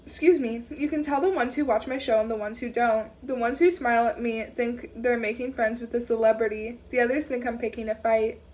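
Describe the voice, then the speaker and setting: A woman narrating a first-person audiobook in a steady reading voice, now and then correcting herself. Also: a little high, brisk, few pauses, distant mic. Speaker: audiobook reader.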